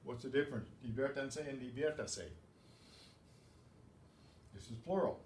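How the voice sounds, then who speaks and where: A man teaching a Spanish grammar lesson, explaining step by step and clearing his throat often. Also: medium pitch, unhurried, recorded from a distance. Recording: echoey room with faint background hum.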